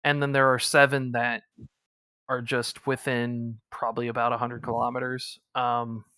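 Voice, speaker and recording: Game master type: man with a bright, dry-sounding voice, loose and chatty, lots of "like" and "um". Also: mid-range voice, little pitch movement, moderate pace, clear, resonant tone, no echo. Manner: casual, filler-heavy explaining. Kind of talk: narrating a tabletop game.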